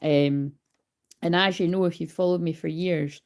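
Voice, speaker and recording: A woman's voice: fairly low pitch, steady tone, normal speed, a little mellow. Woman, tarot card reader, casual livestream, chatty, swears, hyper, phone mic. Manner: chatty, swears freely, calls herself hyper.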